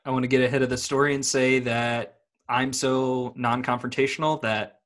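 A man's voice: medium pitch, fairly even intonation, moderate pace, fairly bright tone. A man co-hosting a casual podcast, teasing his friends and laughing. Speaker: podcast co-host. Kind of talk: casual chat.

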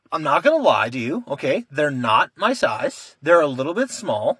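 A man with a somewhat high voice chats casually on a podcast. His stories ramble and he swears freely. The sound is dry and close, with no room echo. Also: big pitch swings, a little fast, a bit bright, slightly rough. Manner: loose, rambling storytelling with frequent swearing. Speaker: podcast co-host. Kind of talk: casual chat.

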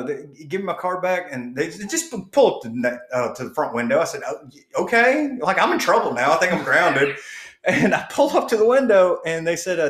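The man's voice is a little high and fairly bright. Co-hosting a podcast in an echoey space, he drifts through a lengthy casual story packed with curses and laughter.

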